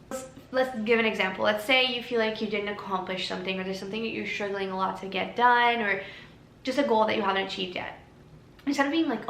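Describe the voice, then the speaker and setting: A woman giving a casual self-help talk to camera, earnest and gently encouraging. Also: on the high side, steady tone, moderate pace, gravelly, reverberant, poor audio. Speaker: lifestyle creator.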